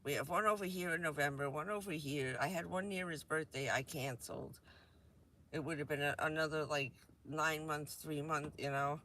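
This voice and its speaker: A woman's voice: low-pitched, moderate pace, sharp tone, a little hiss or hum. A woman from New Jersey chatting casually on a vanlife live stream, rambling and laughing often.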